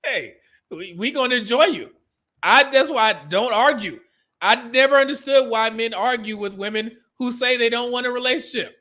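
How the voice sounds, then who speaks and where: A man's voice: extremely high pitch, moderate pace, pushed and bright. A man with a Californian accent hosting a live stream in casual, joking talk, often laughing and reading out viewer messages.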